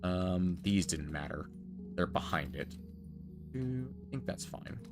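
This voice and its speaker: A man giving relaxed, chatty commentary while playing a building game, joking with his chat as he goes. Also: sits low, slow, loud music behind the voice. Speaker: gameplay streamer.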